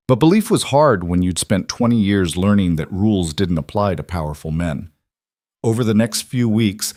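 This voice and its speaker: A man giving measured, scripted story narration. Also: fairly low pitch, a little mellow, dry recording, studio quality.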